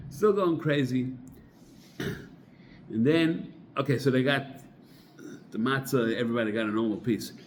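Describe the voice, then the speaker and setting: A man giving an informal Torah talk, telling a parable as a conversational storyteller who clears his throat now and then. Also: medium pitch, slight background noise. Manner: conversational storyteller, sprinkles religious terms. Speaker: Torah teacher.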